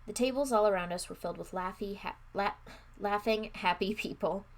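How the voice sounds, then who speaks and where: A woman reading a children's novel aloud live, expressive, with small self-corrections. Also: medium pitch, a little fast. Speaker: reader.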